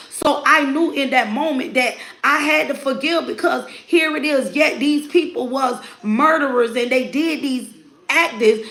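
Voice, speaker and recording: A woman's voice: high-pitched, a bit bright, reverberant. A woman sharing a personal faith testimony in an earnest, preacher-like cadence, quoting scripture and laughing often as she talks. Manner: laughs often while speaking. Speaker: mother sharing her testimony.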